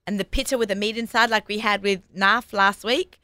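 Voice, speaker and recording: A woman's voice: mid-range voice, fairly even intonation, sharp tone, dry recording. A woman with an Australian accent hosting a talk show, chatting enthusiastically with a guest. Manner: chatty and enthusiastic, quick asides. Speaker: radio show host. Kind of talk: casual chat.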